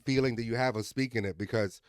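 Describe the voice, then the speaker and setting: A man's voice: medium pitch, quick pace, smooth, no echo. Joking man with a dry close sound. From Miami. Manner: loose, profane, joking. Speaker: guest comedian. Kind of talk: casual podcast chat.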